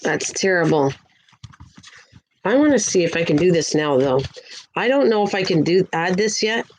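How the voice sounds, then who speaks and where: A woman's voice: lowish voice, animated, normal speed, a little hiss or hum, poor audio. An older woman hosting a crafting livestream, chatting in a rambling way and talking to viewers in the chat. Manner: sweet greetings to viewers in a lifted voice.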